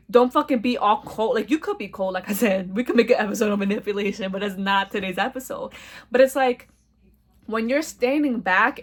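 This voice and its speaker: A loud young woman with a slightly high voice, hosting her own podcast. She talks in a blunt, profane, chatty way, and now and then she catches on a word because of her stutter. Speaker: podcast host. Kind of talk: casual solo podcast monologue.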